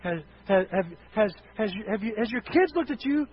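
A man preaching a sermon as pastor, animated, breaking into high yelping voices when he acts out quotes. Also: normal speed, few pauses, dull audio.

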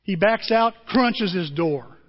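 An older man, serving as pastor, delivers a sermon in a high voice at a slow pace, telling stories and acting out what people said with animated flair. The audio is dull and recorded in a hall with long reverb.

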